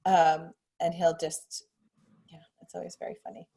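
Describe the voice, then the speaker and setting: A woman's voice: on the low side, flat delivery, normal speed, creaky, mellow. A mother chatting casually on a video call, telling anecdotes about her son. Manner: chatty anecdotal, acts out her child's words. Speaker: parent. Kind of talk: casual chat.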